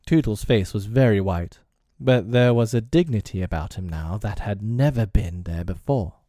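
Expressive man reading a storybook. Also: lowish voice, moderate pace, dry recording, clean studio sound. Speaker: audiobook reader. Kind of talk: storybook narration.

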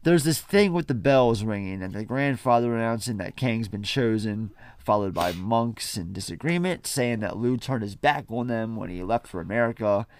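A man's voice: on the low side, expressive, normal speed, hardly any pauses, a little mellow. A man hosting a podcast, casually recapping a film from his notes with a wry, profane manner. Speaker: podcast host.

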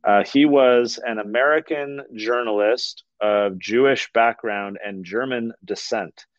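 A man's voice: mid-range voice, unhurried, no echo, highs cut off. A man who writes books, a guest on a podcast, explaining his ideas in an earnest way and telling stories to make his points. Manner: earnest, storytelling, uses fillers. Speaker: author and guest. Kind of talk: conversational interview.

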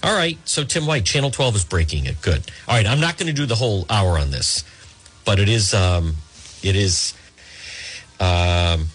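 A man holds forth on talk radio in a husky voice. His pitch rises and falls all over the place as he rambles and tosses in sarcastic asides. He speaks into a studio microphone. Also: very animated, normal speed, a bit bright. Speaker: radio talk show host.

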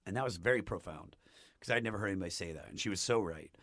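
A man telling a personal story in a casual chat, rambling and animated, with many restarts. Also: deep voice, racing, no room sound, studio quality. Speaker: podcast guest.

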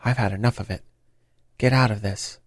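A man voicing a surly market salesman who talks gruffly and blusters. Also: fairly low pitch, fairly even intonation, normal speed, no echo, studio quality, lightly acted. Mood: angry.

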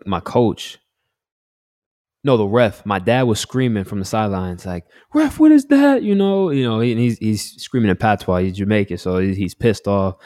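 A man from Delaware telling youth sports stories in a casual chat, acting out shouted quotes. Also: sits low, no echo, studio quality. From Delaware, United States. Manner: animated storyteller, acts out loud quotes.

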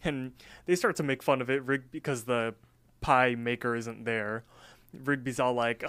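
A man's voice: medium pitch, steady tone, unhurried, fairly bright tone, clean tone, dry recording. A man co-hosting a podcast, casually recapping a cartoon episode in a rambling style full of fillers. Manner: rambling, filler-heavy storytelling. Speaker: podcast co-host.

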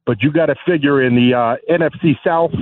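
A man's voice: a little high, a little fast, no room sound. A man calling in to a sports radio show, polite and somewhat hesitant, with many fillers. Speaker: caller. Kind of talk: call-in radio. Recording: tinny phone line.

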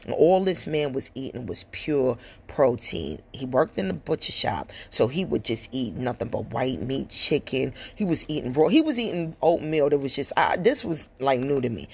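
Gravelly, blunt woman podcaster. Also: a bass voice. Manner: blunt, profane, animated storytelling. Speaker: podcast host. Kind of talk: casual storytelling monologue.

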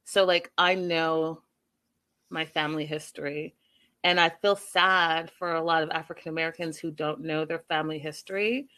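A woman's voice: low voice, fairly even intonation, moderate pace, bright, forceful tone. A woman chatting casually to her viewers as she recaps a show, often turning to them directly. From Canada.

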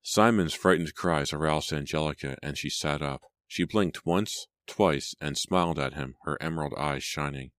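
Very deep-voiced male audiobook narrator. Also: moderate pace, few pauses, fairly bright tone, no echo, clean studio sound. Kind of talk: scripted narration.

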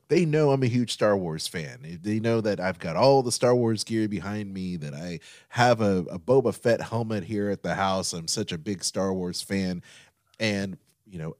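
A man in his thirties, co-hosting a chatty podcast, telling stories with excitement and acting out quotes. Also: lowish voice, no room sound, clean studio sound. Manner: excited storytelling, acts out quotes. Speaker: podcast co-host. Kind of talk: casual chat.

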